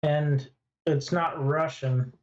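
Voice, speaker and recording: A man's voice: on the high side, fairly even intonation, takes it slowly. A man co-hosting a casual chat, answering in brief, matter-of-fact, assertive replies. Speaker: podcast co-host. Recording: dull lo-fi sound.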